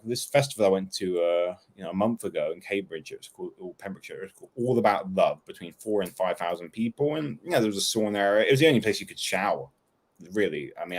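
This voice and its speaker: Brief: male host, fast rambling storyteller, lowish voice. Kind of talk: casual conversation.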